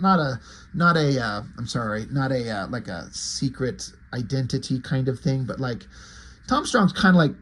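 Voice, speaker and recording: A man's voice: mid-range voice, a little hiss or hum. A man casually reviewing a comic book, enthusiastic and rambling, with frequent hesitations and restarts.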